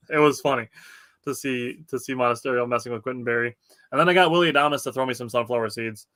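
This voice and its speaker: A man co-hosting a sports podcast, telling game stories in an excited, chatty way. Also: mid-range voice, a little fast, long pauses. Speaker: podcast co-host. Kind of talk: casual sports chat.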